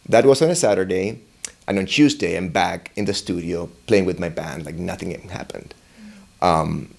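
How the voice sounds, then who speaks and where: A young man telling a personal story, wry and self-mocking, jumping into high, excited voices when he quotes himself. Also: vocal fry. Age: young adult.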